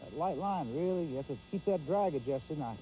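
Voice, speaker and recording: Man, fishing show host, excitable folksy play-by-play outdoors; mellow timbre, lively pitch. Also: brisk, faint music behind, poor audio. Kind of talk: live fishing commentary. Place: outdoors on a boat on a pond.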